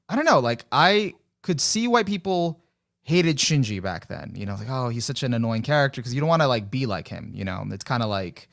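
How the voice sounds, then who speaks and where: A man's voice: mid-range voice, fairly bright tone. A man guesting on a podcast, talking casually in rambling turns full of fillers. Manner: rambling, many fillers, laughs often. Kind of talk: casual chat.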